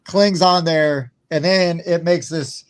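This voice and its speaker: Male co-host, slightly high voice, loose rambling chat. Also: slow pace, slight background noise. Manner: rambling, laughs easily. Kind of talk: casual chat.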